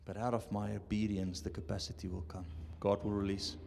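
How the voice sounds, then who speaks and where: A male pastor preaching a sermon, swinging between loud urging and hushed, low asides. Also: level tone, fairly quick, vocal fry, a little hiss or hum. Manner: switches between English and Afrikaans, dramatic shifts from shouting to hushed. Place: church hall. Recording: live church hall with long reverb.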